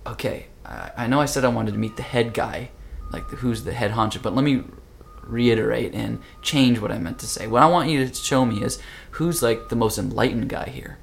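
A man's voice: medium pitch, normal speed, vocal fry, a little hiss or hum, close to an everyday voice. A man doing a polite, earnest young monk.

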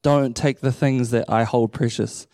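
A man's voice: mid-range voice, unhurried, no room sound, studio quality. A man in his thirties preaching a sermon into a microphone in church, telling stories with playful humor. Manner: animated storytelling with playful humor. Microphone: handheld or stage microphone.

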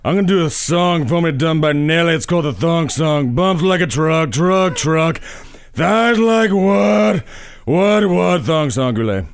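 Hammy pompous crooner, slow and gravelly, smooth resonant tone. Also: male voice, animated, dry recording. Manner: hammy, booming, drawn-out. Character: pompous male comic crooner, booming showman.

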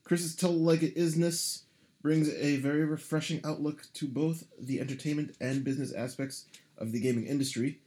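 A man's voice: fairly high pitch, fairly even intonation, normal speed, warm tone. A man co-hosting a casual podcast, reading a listener's email aloud in a dry, joking way. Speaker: podcast co-host.

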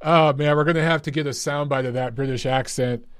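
A man's voice: medium pitch, fairly even intonation, brisk, clear, resonant tone, dry recording. A man hosting a call-in show, laid-back and joking with callers and chat. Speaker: talk show host.

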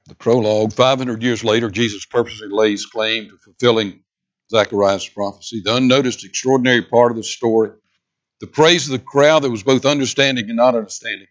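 Brief: male pastor, emphatic sermon delivery, dramatic pauses, middle pitch, slightly muffled church recording. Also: steady tone. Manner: emphatic, dramatic pauses, swings between loud and hushed. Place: church sanctuary.

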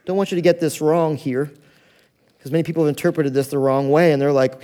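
A man preaching in a church, his voice sitting high for a man. He moves between loud, urgent stretches and quiet, hushed ones, and acts out voices in the stories he tells. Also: steady tone, brisk. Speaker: pastor. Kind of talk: sermon.

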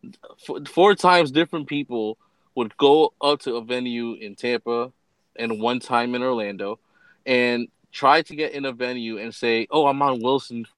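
A man's voice: medium pitch, unhurried, a bit bright, smooth, no echo, rough recording. A man co-hosting a casual podcast, talking in a laid-back, slangy way and often stammering and restarting his sentences. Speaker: podcast co-host.

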